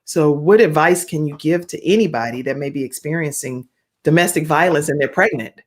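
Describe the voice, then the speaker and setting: A woman's voice: low voice, fairly quick. A woman hosting an online talk show, emphatic, often repeating herself and humming agreement. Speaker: host. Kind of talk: casual chat on a livestream. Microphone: video call.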